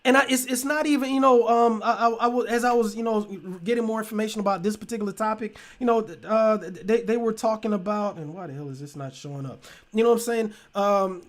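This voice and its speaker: A man's voice: sits high, quick pace. A man hosting a show, ranting heatedly and with heavy profanity in casual commentary. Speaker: show host.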